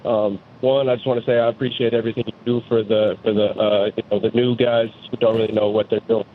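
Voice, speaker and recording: A man's voice: fairly low pitch, little pitch movement, fast talker, a little hiss or hum. Male phone-in caller from Georgia; hesitant, polite, tinny phone sound. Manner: hesitant, polite, many fillers.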